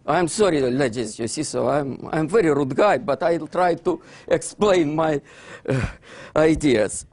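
A man giving a lecture in English, with broken grammar and a theatrical, animated delivery. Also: a little high, unhurried. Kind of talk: lecture with slides.

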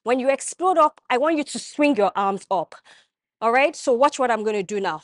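Energetic woman coaching a gym workout. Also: a little high, moderate pace, no echo. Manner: energetic coaching, talks straight to viewers. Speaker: fitness vlogger demonstrating a workout. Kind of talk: instructional workout vlog.

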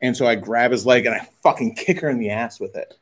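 A man's voice: mid-range voice, fast talker. A man co-hosting a live stream, telling rowdy, profane stories and laughing as he goes. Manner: rowdy, profane storyteller who laughs a lot. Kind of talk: casual live-stream chat.

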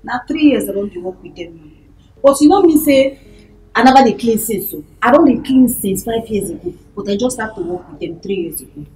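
A woman's voice: fairly high pitch, expressive, brisk, darkish tone, recorded from a distance, natural voice. A woman speaking Nigerian Pidgin playing an eager cleaner who pleads her case in a job interview. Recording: roomy echo, from off-mic.

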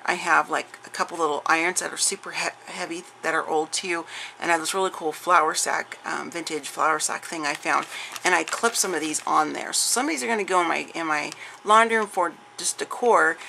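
A woman's voice: low-pitched, gravelly, bright, forceful tone. A woman with a scratchy voice, chatting casually to the camera as she shows off a craft haul at home, rambling with lots of fillers and restarts. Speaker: craft vlogger showing a haul.

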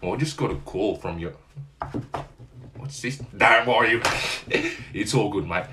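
A man's voice: fairly low pitch, expressive, slow, reverberant, distant mic, noisy background. A man playing a middle-aged Australian father trying to seem cool, chummy and laughing. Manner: chummy, laughing, says mate constantly.

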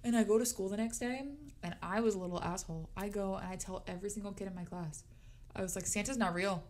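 A young woman co-hosting a casual chat, telling childhood stories in a lively way and acting out what people said. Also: mid-range voice, fast talker. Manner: animated storyteller, acts out quotes. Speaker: podcast co-host.

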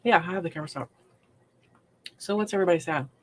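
A woman's voice: fairly low pitch, very fast, husky. Chatty woman on a livestream. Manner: chatty, self-deprecating, laughs often. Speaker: livestream host. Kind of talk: casual livestream chat while crafting.

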